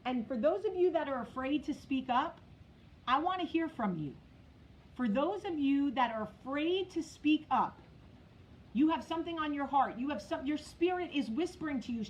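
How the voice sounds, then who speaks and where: A woman's voice: high voice, a little hiss or hum, rough recording. A middle-aged woman with a New Jersey accent hosting a casual live stream, blunt and profane, talking straight to commenters by name. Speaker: vlog host.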